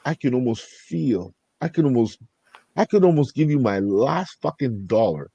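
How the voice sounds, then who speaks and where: A man's voice: mid-range voice, expressive, moderate pace, mellow, slightly rough, highs cut off. A man co-hosting a podcast, telling stories in casual chat, swearing freely and acting out both sides. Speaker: podcast co-host.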